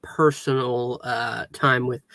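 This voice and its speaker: A man's voice: medium pitch, little pitch movement, slow, pushed and bright, dry recording. A man co-hosting a casual episode recap, chatty, adding jokes and laughing along. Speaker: podcast co-host.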